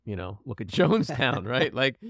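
Male host, lively swooping pitch, sarcastic and emphatic, dry close sound. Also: moderate pace, creaky, dry recording. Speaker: podcast host. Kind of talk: casual political chat.

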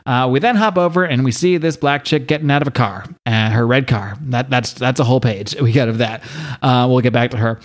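A man's voice: medium pitch, a little fast. Man, podcast host, casual comic recap, laid-back, chuckling, rambling.

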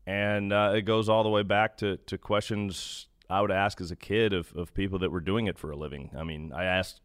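Deep-voiced man telling a story. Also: steady tone, normal speed, clean tone, no echo, studio quality. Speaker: baseball broadcaster, guest. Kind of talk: conversational storytelling.

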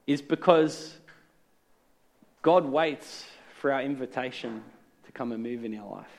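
A man's voice: mid-range voice, measured pace, long pauses. A man preaching a sermon in an earnest, conversational way with touches of humor. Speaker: pastor. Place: church.

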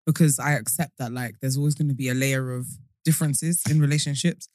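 A woman's voice: rumbling low, steady tone, fairly quick, darkish tone, dry recording, studio quality. A young woman co-hosting a podcast in casual chat, blunt and teasing. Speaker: podcast co-host.

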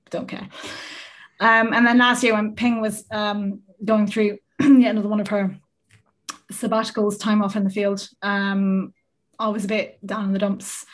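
A woman's voice: mid-range voice, little pitch movement, measured pace. An Irish woman telling a self-mocking story in casual podcast chat, laughing often as she talks. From Ireland. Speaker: horse rider.

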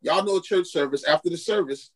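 A man's voice: fairly high pitch, fast talker, low-quality recording. A man, a pastor and podcast guest, telling a personal testimony and acting out the voices of the people in his story. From Queens, New York. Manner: animated storyteller acting out quoted dialogue.

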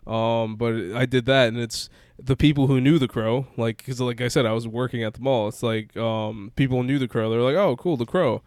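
Smooth-voiced man telling rambling stories. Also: mid-range voice, little pitch movement, normal speed, few pauses, darkish tone, no echo, studio quality. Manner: rambling storyteller, laughs easily, mimics people in quotes. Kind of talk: casual chat.

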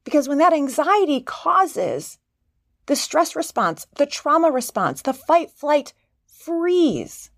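A woman's voice: sits high, dry recording, studio quality. A middle-aged woman hosting a motivational podcast, talking earnestly and openly about her own experience. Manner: earnest, animated, self-disclosing. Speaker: podcast host.

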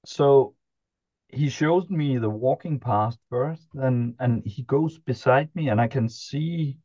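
Man recounting an anecdote, mellow low timbre, dry dull-sounding recording, halting delivery. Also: no echo. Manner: halting, chuckling anecdote telling with many restarts. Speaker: podcast guest. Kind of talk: casual storytelling.

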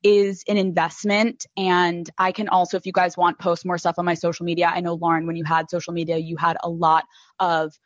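A woman's voice: on the low side, little pitch movement, brisk, dry recording, highs cut off. A woman hosting a podcast in casual chat, gushing and swearing freely, with lots of "like" fillers. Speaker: podcast host.

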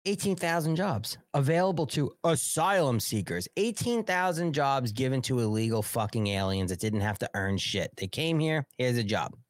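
Angry profane man ranting, lively pitch. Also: normal speed, few pauses, dry recording, studio quality. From New York. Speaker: host. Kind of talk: political talk show rant.

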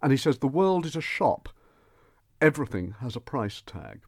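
A man chatting enthusiastically on radio as a film reviewer, animated and prone to quick restarts. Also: medium pitch, no echo, studio quality. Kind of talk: radio chat.

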